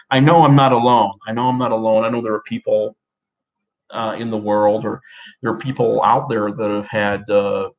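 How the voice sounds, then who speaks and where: A man in his thirties from Australia, talking in a put-on American accent in a halting, rambling personal monologue full of restarts and fillers. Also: lowish voice, steady tone, highs cut off. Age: 30s. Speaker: vlogger. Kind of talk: personal talk to camera.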